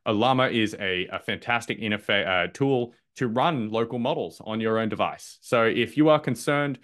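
A man's voice: on the low side, normal speed, fairly bright tone. Upbeat man presenting a live webinar. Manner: loose, upbeat, many fillers and restarts. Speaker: masterclass presenter.

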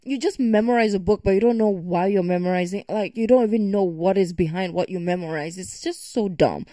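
Woman reaction creator, emphatic ranter, mellow voice, dry sound. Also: mid-range voice, brisk, no echo. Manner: ranting, emphatic and exasperated. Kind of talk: casual reaction commentary.

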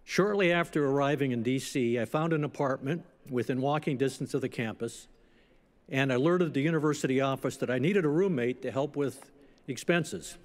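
An older man in his eighties delivering a commencement address, telling stories at a measured pace with gentle humor. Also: medium pitch. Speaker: commencement speaker. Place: outdoor ceremony stage.

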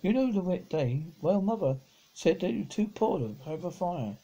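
Man reading as a proud, indignant schoolboy in a storybook, higher voice, husky edge. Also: big pitch swings, normal speed, mellow, exaggerated voice, low-quality recording. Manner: indignant and eager. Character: indignant, proud young boy.

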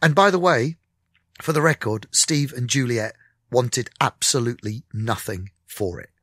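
A man's voice: medium pitch, unhurried, no room sound, clean studio sound. A middle-aged man, a musician, telling candid stories in a radio interview and acting out the conversations. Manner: animated, candid storyteller who acts out conversations. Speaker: musician guest.

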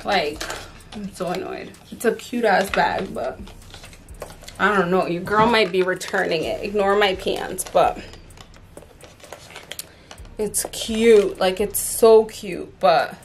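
Slow-talking woman vlogger. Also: medium pitch, slight background noise. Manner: chatty, exasperated, filler-heavy. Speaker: fashion vlogger. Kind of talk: casual unboxing chat.

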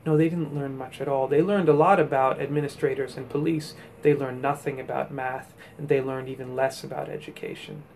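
A man's voice: medium pitch, lively intonation, a little fast, gravelly, few pauses, a little mellow, a little hiss or hum. A man and teacher giving an explanatory talk, reasoning step by step through classroom examples. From United States.

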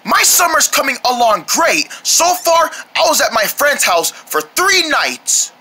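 A woman's voice: sits high, very animated, measured pace, bright, forceful tone. A woman narrating playful homemade mock commercials, jumping between silly voices. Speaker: host of homemade parody commercials.

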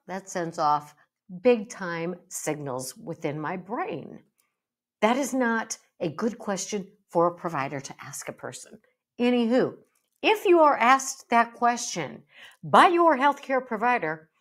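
A middle-aged woman hosting a solo podcast, speaking emphatically with a playful, animated delivery. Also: mid-range voice, a little slow. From United States. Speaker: podcast host and bariatric psychologist.

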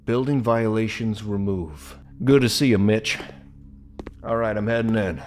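A man with a voice on the low side, speaking a little slowly, hosts a gaming video. He plays through a let's-play while giving animated commentary laced with jokes and sarcasm.

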